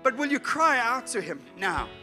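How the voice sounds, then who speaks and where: A man from South Africa preaching a sermon as a pastor, moving from hushed pleas to loud urgent calls. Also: very high-pitched, very animated, normal speed. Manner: emotional, swings from hushed to shouting. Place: church hall. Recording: church hall reverb with soft music.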